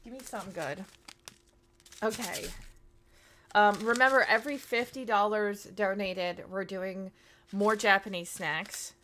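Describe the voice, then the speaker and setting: A woman's voice: mid-range voice, fairly even intonation, measured pace, long pauses, fairly bright tone, slight background noise. A woman in her thirties chatting casually to her live-stream audience, rambling with plenty of fillers. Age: 30s.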